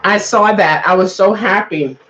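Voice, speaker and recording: A woman hosts a casual livestream and keeps coaxing her viewers to speak up. Her voice sits at a middle pitch, and the recording sounds dull and lo-fi. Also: measured pace, fairly bright tone. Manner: chatty, coaxes viewers to answer. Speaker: livestream host.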